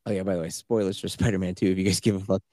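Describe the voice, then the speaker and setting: A man's voice: deep voice, rapid-fire, dry recording, studio quality. A man co-hosting a casual podcast, swearing freely and retelling a video game plot with mocking quoted voices. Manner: profane, animated storytelling with mocking quoted voices. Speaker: podcast co-host. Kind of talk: casual chat.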